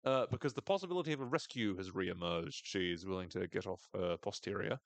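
A man casually recapping a TV episode on a podcast, animated, sweary and wry. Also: low voice, fairly quick, no room sound.

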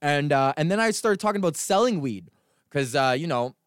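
Podcast host, man from Canada, casual profane storyteller, smooth slightly high voice. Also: lively intonation, fairly quick, no echo, studio quality. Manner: profane, rambling storytelling with laughs. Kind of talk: casual rant.

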